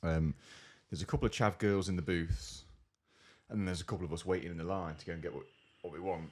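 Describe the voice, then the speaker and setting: Low husky man telling a story. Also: quick pace. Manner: animated storyteller, acts out other people's lines. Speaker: podcast co-host. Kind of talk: casual chat.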